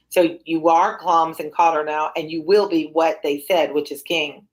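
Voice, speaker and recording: A woman tutor reading a play aloud and explaining it casually, with lively high-pitched asides. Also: normal speed, few pauses. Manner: casual and animated, jumps into high excited asides.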